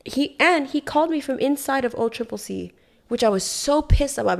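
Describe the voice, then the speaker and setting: A young woman, a podcast guest, telling a story in casual chat, animated and swearing often, acting out what people said. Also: high voice, brisk, gravelly. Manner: animated retelling, heavy swearing, acts out quotes. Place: Hawaii.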